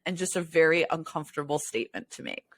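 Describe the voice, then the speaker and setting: A woman co-hosting a casual sports podcast, animated and often breaking into laughter. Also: sits low, quick pace. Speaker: podcast co-host. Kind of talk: casual chat.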